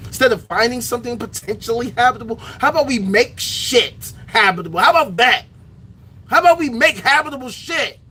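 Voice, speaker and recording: A loud man rants to his audience, furious and profane, often breaking into shouts. His voice sits high and rings bright and cutting. He never lets the anger drop. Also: a little hiss or hum. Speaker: online show host. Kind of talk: profane impassioned rant.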